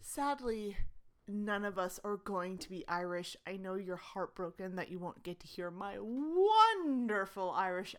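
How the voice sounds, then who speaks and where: Chatty woman hosting a tabletop podcast. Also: medium pitch. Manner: chatty and rambling, with many fillers and restarts; eager, pleading with listeners for support. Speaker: podcast host and game master. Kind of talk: casual podcast announcements.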